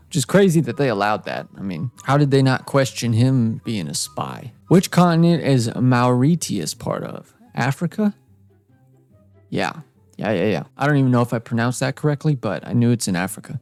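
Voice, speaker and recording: A man's voice: medium pitch, darkish tone, dry recording. A young man playing a trivia game, reading each question aloud and reacting with exasperated, self-mocking outbursts. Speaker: gaming YouTuber. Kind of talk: casual gameplay commentary.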